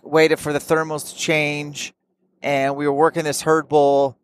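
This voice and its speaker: A man's voice: fairly high pitch, completely flat delivery, measured pace, smooth. A young man, a hunting vlogger, tells about his trip in frank, plain-spoken, laid-back casual storytelling.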